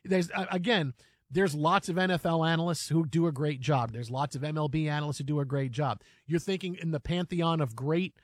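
Male sports talk host, fairly high voice, dry close studio sound, animated storyteller. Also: a little fast, no room sound. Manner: animated storytelling with many restarts.

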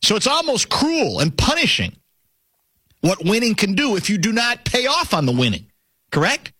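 A man's voice: high-pitched, wildly swooping pitch, normal speed, bright, forceful tone, husky, no room sound. A middle-aged man hosting a sports radio show, chatting and teasing his co-host in a casual, storytelling way.

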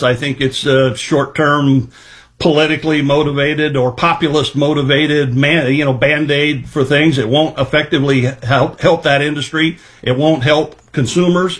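A middle-aged man with a slightly higher voice gives a guest interview. He talks in a measured, thoughtful way, pausing and working out each point aloud with plenty of fillers. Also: fairly even intonation, fairly bright tone. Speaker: livestock marketing specialist guest. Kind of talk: casual interview answers.

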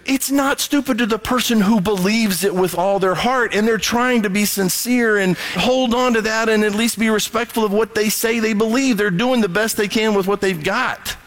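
A man preaching a sermon, animated, acting out quoted voices as he goes. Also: sits high. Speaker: pastor.

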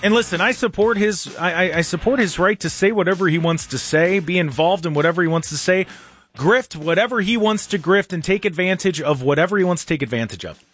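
A man hosting a casual political talk radio show in a studio, animated and mocking, with jokey asides. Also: high-pitched, fast, slightly rough, faint music behind.

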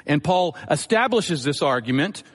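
A man with a somewhat high voice delivers an earnest expository sermon, explaining scripture verse by verse. His words ring out with a long reverb, as from a large church sanctuary. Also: lively intonation, moderate pace, husky. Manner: earnest teaching delivery, Bible quotations. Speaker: pastor.

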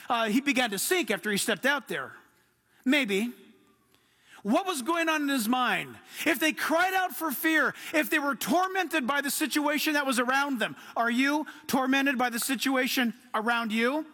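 A man's voice: extremely high pitch, sharp tone. A man preaching a sermon to a congregation, emphatic and drawn out, with sudden swells. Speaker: pastor. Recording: long hall reverb.

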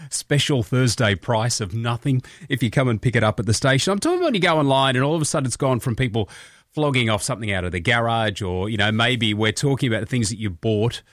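A man's voice: fairly low pitch, no echo, clean studio sound. An Australian man hosting a breakfast radio show, chatting in a jokey way and laughing at his own asides.

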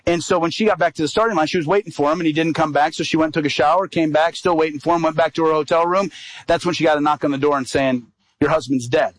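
Animated male evangelist telling a story. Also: fast talker, no echo, poor audio. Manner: animated storyteller, acts out quoted dialogue, rises in pitch at climaxes. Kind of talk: sermon storytelling.

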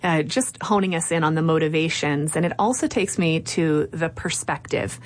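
A woman's voice: sits low, moderate pace, a little hiss or hum. A woman interviewer who thinks aloud and affirms her guest in conversation.

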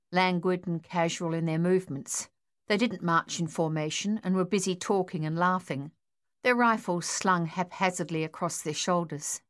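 A woman reading a novel aloud as an audiobook narrator, in a measured, even storytelling manner. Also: lowish voice. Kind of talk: scripted narration.

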